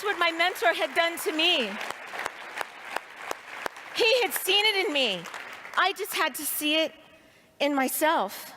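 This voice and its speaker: With an extremely high, sharp-toned voice, a woman speaks slowly and pauses often as she tells a personal story at a leadership training event, expressively enacting her inner voice. The reverberant large-hall recording carries a faint crowd and a little hiss or hum.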